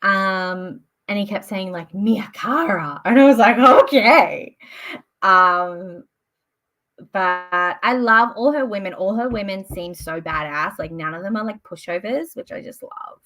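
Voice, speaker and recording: A woman's voice: mid-range voice, unhurried, fairly bright tone. A woman, chatting casually and rambling on a live stream, full of "like" and "um". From Australia. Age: late 20s. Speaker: book streamer.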